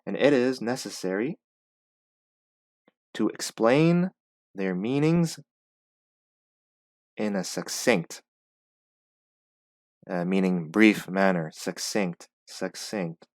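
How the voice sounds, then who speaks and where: A low-voiced man reads a text aloud in a pronunciation lesson, pausing often to repeat single words slowly and explain their sounds. The sound is close and dry, with no room around it. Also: sing-song, no room sound. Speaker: English pronunciation teacher.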